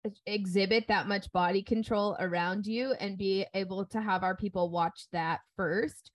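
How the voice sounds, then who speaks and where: A woman's voice: mid-range voice, steady tone, moderate pace, no room sound. A woman co-hosting a podcast in casual chat, agreeable and often backing up her co-host. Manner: agreeable, backs up co-host with frequent yeahs. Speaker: boat operator and podcast co-host.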